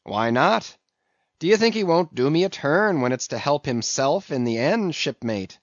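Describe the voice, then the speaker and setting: A man's voice: fairly high pitch, animated, normal speed, no echo, highs cut off, lightly acted. A man reading as Steelkilt, a scheming sailor. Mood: sly.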